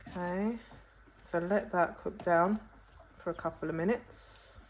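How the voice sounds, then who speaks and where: A woman's voice: on the low side, unhurried, noisy background. A woman hosting a casual cooking demonstration, chatting to viewers in a chatty, self-deprecating way. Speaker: cooking channel host. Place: kitchen away from home.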